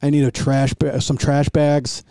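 Comedian telling a profane road story. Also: male voice, medium pitch, level tone, warm tone, no room sound, studio quality. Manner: profane, quick anecdote with quoted dialogue. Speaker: stand-up comedian. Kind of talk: casual storytelling.

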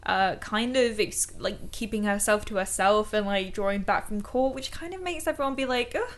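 A woman's voice: medium pitch, normal speed. Chatty woman telling history casually. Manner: chatty, many fillers, laughs often. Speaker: podcast host telling history. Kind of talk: casual storytelling chat.

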